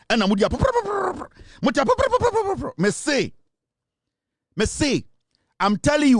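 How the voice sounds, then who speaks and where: A man's voice: high-pitched, no room sound, clean studio sound. A Ghanaian man hosting a political talk show, delivering a boastful, taunting monologue that mixes English and Twi.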